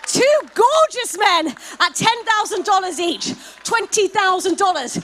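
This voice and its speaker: A woman's voice: very high voice, expressive, measured pace, fairly bright tone, a little hiss or hum. A woman leading a live fundraising paddle raise at a gala, calling out donation amounts and heaping effusive praise on each donor. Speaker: fundraising auctioneer. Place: gala event hall.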